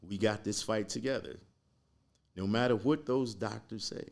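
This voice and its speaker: Low gravelly guy on a podcast telling his story slow and earnest. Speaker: podcast guest. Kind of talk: personal storytelling.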